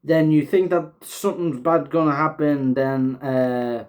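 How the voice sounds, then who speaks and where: Man, fairly high voice, loose reaction-show host: casual, rambling, filler-heavy, swears a lot. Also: steady tone, a little slow, few pauses, darkish tone. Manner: rambling, filler-heavy, swears often, laughs while talking. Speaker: show host reviewing an episode.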